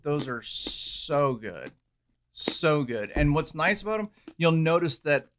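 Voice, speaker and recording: Male co-host, mid pitch, casual, stumbles and restarts a lot. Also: big pitch swings, noisy background. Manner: halting, repeats words. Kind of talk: casual chat.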